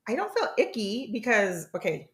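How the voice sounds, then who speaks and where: Lively, frank woman co-host. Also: a little high, moderate pace, heavy background noise. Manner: frank, laughing, animated storyteller. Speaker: podcast co-host. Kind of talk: candid casual chat.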